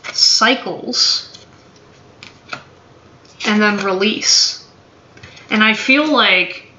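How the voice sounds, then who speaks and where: Slow blunt woman reading tarot cards. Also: mid-range voice, bright, forceful tone, a little hiss or hum. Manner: blunt, swears freely, playful drawl. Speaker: tarot reader. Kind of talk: casual tarot reading to camera. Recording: dull, echoey room recording.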